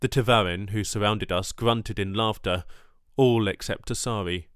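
Speaking in a measured audiobook style, a man narrates a first-person story in a low, smooth, fairly bright voice. The recording is dry and close, with no echo.

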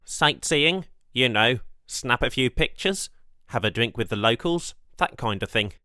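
A man's voice: medium pitch, expressive, measured pace, pushed and bright, no echo, studio quality. A man voicing a cocky, flippant male prisoner in an audiobook. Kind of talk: audiobook character voice.

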